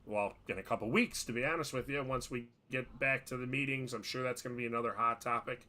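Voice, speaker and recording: A man with a bright, forceful, somewhat tense voice talks on a podcast. He is a hockey referee, and he tells his stories emphatically, pressing hard on the key points. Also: mid-range voice, quick pace. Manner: storytelling, emphatic. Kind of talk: podcast chat.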